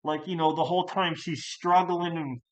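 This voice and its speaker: A man giving a casual spoken movie review, rambling with many fillers and restarts, now and then bursting out loudly. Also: on the high side, normal speed, rough recording. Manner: animated, jumps to loud outbursts.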